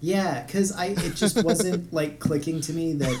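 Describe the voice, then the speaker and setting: Male co-host, casual game chat, halting and unsure, faint hiss behind. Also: a little high, a little mellow. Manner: hesitant, many fillers and restarts. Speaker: podcast co-host.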